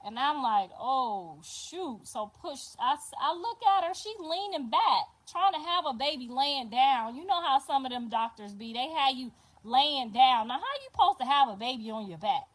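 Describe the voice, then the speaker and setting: High-voiced, animated older woman storyteller. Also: moderate pace, few pauses. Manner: animated, profane, emphatic, swears and repeats herself. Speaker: livestream host. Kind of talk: casual storytelling.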